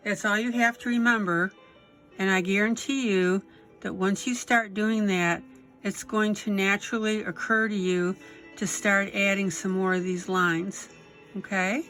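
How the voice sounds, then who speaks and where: A woman's voice: medium pitch, fairly bright tone. A woman giving a step-by-step coloring tutorial, encouraging and often checking in with "okay?" and "right?". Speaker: coloring instructor.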